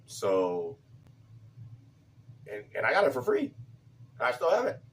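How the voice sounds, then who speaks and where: A man's voice: medium pitch, huge pitch swings, slow pace, far from the mic. Rambling, casual-talking man vlogger. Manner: rambling, repetitive, swears casually. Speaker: cigar vlogger. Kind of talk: casual chat.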